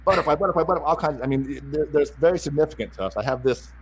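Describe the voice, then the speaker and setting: A middle-aged man telling a story as a guest in a casual chat, animated, repeating words and acting out the dialogue. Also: fairly high pitch, very fast, husky, rough recording.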